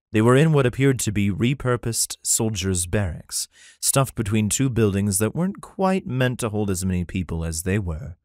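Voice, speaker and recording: Low-voiced man reading an audiobook. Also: a little mellow, no room sound, studio quality. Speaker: audiobook narrator. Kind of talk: scripted narration.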